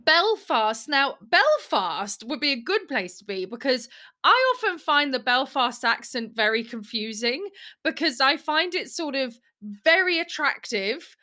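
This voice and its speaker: High bright-voiced young woman. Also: big pitch swings, measured pace. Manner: candid, sweary, laughs often. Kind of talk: casual chat.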